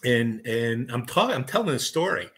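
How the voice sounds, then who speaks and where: A middle-aged man, a paranormal investigator guesting on a talk show, telling stories in a lively, blunt and casual way. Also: mid-range voice, moderate pace. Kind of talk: casual interview chat.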